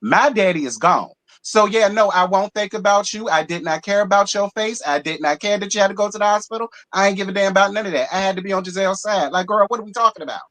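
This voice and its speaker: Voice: mid-range voice, quick pace, few pauses, fairly bright tone. A panelist speaking bluntly and profanely, speeding up as the point gets heated, in a casual chat.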